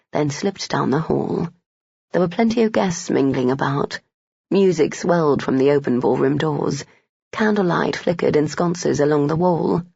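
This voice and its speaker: This is a measured audiobook narrator reading a romance novel aloud. The voice is gravelly and husky, and the recording is dry and dull, like lo-fi audio. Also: medium pitch, darkish tone, no echo.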